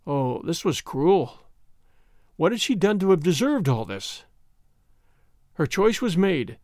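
A man reads a classic novel aloud with expressive storytelling. His voice is fairly high and very lively, moving freely up and down. The recording is close and dry. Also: slow, no echo. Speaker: narrator. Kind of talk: audiobook reading of a classic novel.

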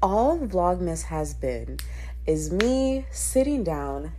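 Animated young woman vlogger. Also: fairly low pitch, slight background noise. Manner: animated, profane, quick to laugh. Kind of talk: casual podcast-style vlog chat.

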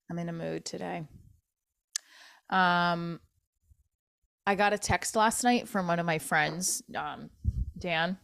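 A woman's voice: on the low side, slow, creaky, pauses often, a bit bright, no echo, studio quality. A woman hosting a podcast alone, talking in an upset, self-critical way, swearing and restarting her sentences. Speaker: podcast host. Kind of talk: emotional solo podcast monologue.

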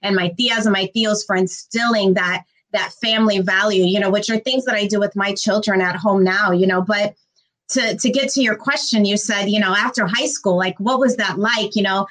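Speaking at normal speed with a medium-pitched voice, an interview guest from Gary, Indiana, USA, recounts her life in a reflective, conversational way. She is a warm storyteller who livens up when quoting others. The audio is poor.

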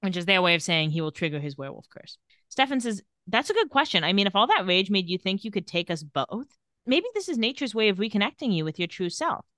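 With a sing-song, mid-range voice that's a bit bright, this woman talks at a quick pace. The podcast co-host recaps a TV episode casually, retelling scenes and reading quotes with light sarcasm, and the studio-quality recording has no echo.

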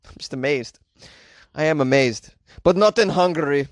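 A man giving comedic news commentary in a sarcastic, animated way, laughing at the stories he reads. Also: fairly high pitch, normal speed, dry recording, studio quality. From United States.

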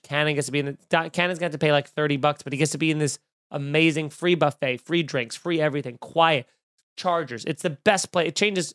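A man co-hosting a podcast, telling a long story in an animated, exaggerated, jokey rant. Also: on the high side, dry recording, clean studio sound. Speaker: podcast co-host. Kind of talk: casual storytelling chat.

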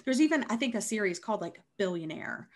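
A woman's voice: medium pitch, animated, quick pace. A woman co-hosting a casual book chat, rambling with many ums and laughing often. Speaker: podcast co-host. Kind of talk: casual chat about books.

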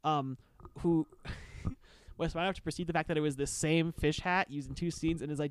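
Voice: medium pitch, steady tone, normal speed, clean tone, no room sound. A young adult co-hosting a podcast, telling rambling stories in a casual chat and often stammering and repeating words. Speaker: podcast co-host.

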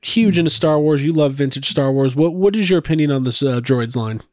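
A man's voice: on the high side, fairly quick, a little mellow, dry recording, clean studio sound. A man hosting a casual podcast chat, rambling with frequent restarts and laughs. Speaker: podcast host.

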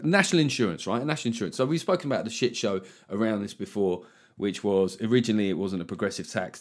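A man hosting a solo podcast, ranting about politics in an animated, sweary, mock-incredulous way. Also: mid-range voice. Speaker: podcast host.

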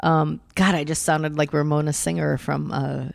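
A woman's voice: low-pitched, level tone, normal speed, vocal fry. A woman co-hosting a podcast, chatting playfully and laughing easily. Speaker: podcast co-host. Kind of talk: casual chat.

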